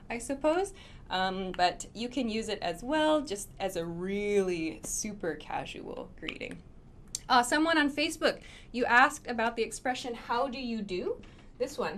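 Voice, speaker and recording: A woman's voice: on the high side, a little hiss or hum. A woman teaching English in a cheerful live-streamed lesson, laughing often and talking to her viewers.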